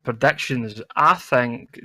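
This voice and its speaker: Casting a live online game tournament over a headset mic, a laid-back man rambles loosely and pads his casual commentary with lots of "you know". His mid-range voice is bright and forceful, he takes his time, and a slight hiss or hum sits in the background.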